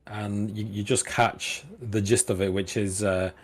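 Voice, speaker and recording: Low-voiced game master. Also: male voice, level tone, measured pace, husky. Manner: casual, many fillers and restarts. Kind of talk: narrating a tabletop game.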